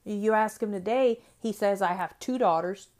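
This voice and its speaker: A middle-aged woman sharing her testimony, telling the story with lively acted-out dialogue. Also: mid-range voice, moderate pace. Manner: animated storytelling, acting out dialogue. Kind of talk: testimony talk.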